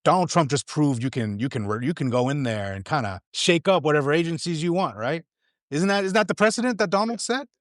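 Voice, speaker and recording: A man with a fairly high voice is talking as a guest in a casual political chat. He is heated and slangy, and he keeps restarting his sentences. The sound is dry and close, with no room at all. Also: expressive, a little fast, no room sound.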